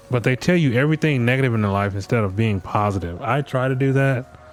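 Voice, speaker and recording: A man's voice: mid-range voice, fast talker. A man riffs in a loose, comedic rant, blunt and heavy on cussing. He keeps breaking into voices for the people he quotes. Faint music plays under him. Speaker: podcast host.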